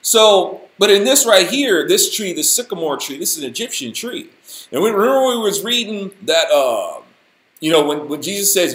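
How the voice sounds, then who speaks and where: A man hosting a casual Bible study, talking in an animated, folksy, slangy way. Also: sits high, moderate pace, reverberant. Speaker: host, Bible teacher.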